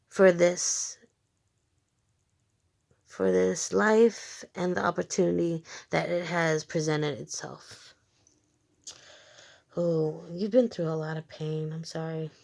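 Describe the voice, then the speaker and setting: Gravelly-voiced woman giving a tarot reading. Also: lowish voice, a little mellow. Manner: frank and emphatic, swears freely, addresses the viewer as you; speaks in short bursts, repeats phrases. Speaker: tarot reader. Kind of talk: casual spoken tarot reading.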